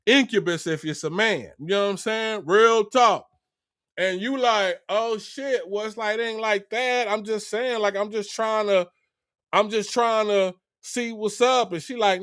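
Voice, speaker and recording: A man's voice: high-pitched, steady tone, slow pace, fairly bright tone, smooth, dry recording, clean studio sound. A middle-aged man hosting a casual livestream, preaching in street talk and acting out both sides of a conversation. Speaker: livestream host.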